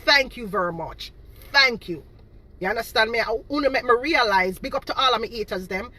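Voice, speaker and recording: Bright-voiced woman, jamaican patois lilt, ranting to her viewers, keeps repeating herself, kinda high voice. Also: lively intonation, brisk. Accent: Jamaican patois-inflected. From Boston, Massachusetts. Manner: indignant, repetitive, emphatic. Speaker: cake seller. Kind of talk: casual rant to viewers.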